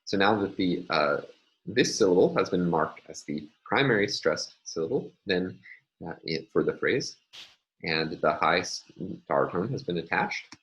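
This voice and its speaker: A male linguistics lecturer explaining step by step in a measured, recorded lecture, with frequent filler words. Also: low voice, animated, a bit bright, muffled recording.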